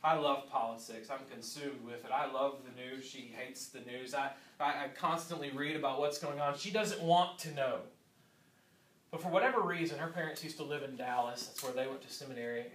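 A man's voice: medium pitch, fairly bright tone, far from the mic, a little hiss or hum. A man in his thirties, a pastor delivering an earnest sermon and repeating key lines for emphasis. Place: church sanctuary. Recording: echoey church room, voice from off-mic.

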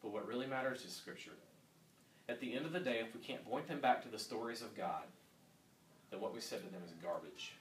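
Man, 30s, youth pastor, earnest preaching, loud bursts of emphasis, distant mic, echoey hall. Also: medium pitch, animated, a little fast, slight background noise. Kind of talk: teaching talk to youth workers. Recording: roomy sound from a distant mic with faint ambience.

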